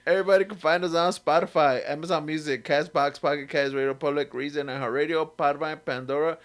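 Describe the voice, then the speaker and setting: A man co-hosting a comedy podcast in casual chat, slangy and swearing, quick with short reactions. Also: on the high side, steady tone. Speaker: podcast co-host.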